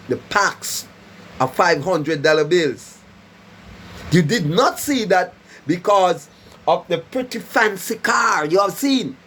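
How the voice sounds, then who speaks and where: A man's voice: high voice, a bit bright, a little hiss or hum. A man preaching to a live stream as a self-styled prophet, giving emphatic warnings with rhyming, repeated phrases and frequent "right?" checks. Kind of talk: preaching monologue.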